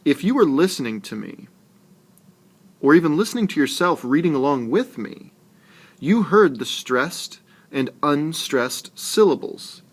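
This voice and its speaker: A man teaching a lesson on poetry rhythm, talking slowly and deliberately and stressing his syllables. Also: a little high, big pitch swings. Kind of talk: screencast lesson narration.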